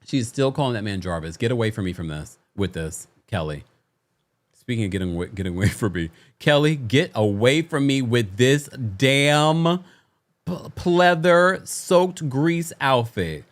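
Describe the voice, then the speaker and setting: A man hosting a recap show, in casual commentary that is animated and exasperated, with laughing asides. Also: mid-range voice, a little slow.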